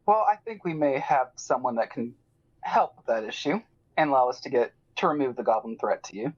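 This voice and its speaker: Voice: mid-range voice, expressive, a little fast, muffled recording, natural voice. A player voicing a courtly noble lady. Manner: formal, courtly diplomacy. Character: noble lady adventurer, poised and formal.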